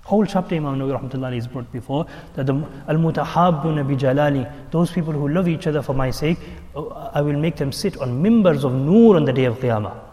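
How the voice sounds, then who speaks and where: A man giving a mosque sermon as imam, telling stories with lively voices for the people in them. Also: on the high side, fast talker, in a large hall. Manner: animated storytelling, acting out quoted voices.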